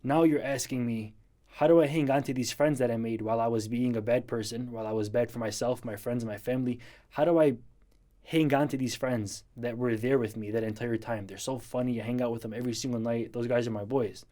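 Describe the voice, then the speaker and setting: Blunt, mellow-voiced man giving advice. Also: mid-range voice, steady tone, a little fast. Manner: blunt, tells it like it is; earnest, repeats points for emphasis. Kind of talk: direct advice to a viewer.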